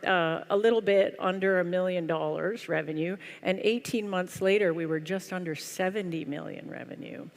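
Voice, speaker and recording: A woman giving a humorous keynote talk on stage, telling a story in a lively, wry, self-deprecating way. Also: medium pitch. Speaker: conference speaker. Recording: long hall reverb.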